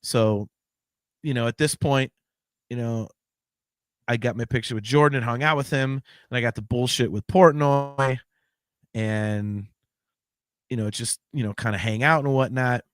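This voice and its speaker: A man hosting a podcast, telling a long casual story in a rambling, excited way with plenty of casual swearing. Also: mid-range voice, unhurried, pauses often, dry recording, clean studio sound. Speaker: podcast host.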